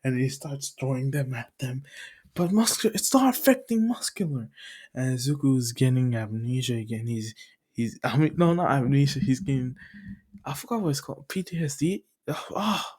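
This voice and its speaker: A man's voice: mid-range voice, normal speed, darkish tone, breathy edge. A young man casually retelling a fan story, rambling with many fillers and chuckles.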